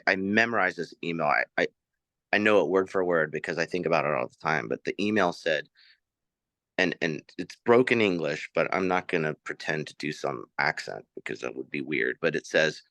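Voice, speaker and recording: Earnest male applicant, very low voice, dry close sound, story-driven pitch. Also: fairly bright tone, no echo, poor audio. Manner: earnest storytelling with many restarts. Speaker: loan applicant, audio engineer and teacher. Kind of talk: formal committee presentation.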